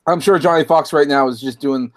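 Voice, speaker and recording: A man's voice: fairly high pitch, brisk. A man speaking hesitantly with many fillers in a casual livestream discussion. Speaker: stream panelist.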